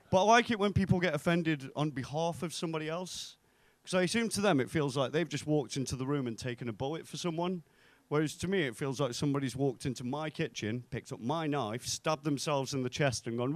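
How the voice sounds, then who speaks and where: A young man from the North West of England, performing a stand-up comedy set in a club, delivering deadpan punchlines and acting out the voices of people in his stories. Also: medium pitch, moderate pace, dry recording.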